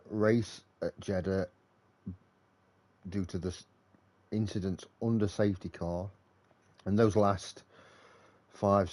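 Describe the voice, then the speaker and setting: A man commentating live on a racing league in a relaxed, chatty way, thinking aloud between updates. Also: lowish voice.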